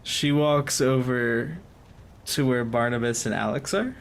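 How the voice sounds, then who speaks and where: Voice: mid-range voice, unhurried. A game master narrating a tabletop game, often breaking into laughter.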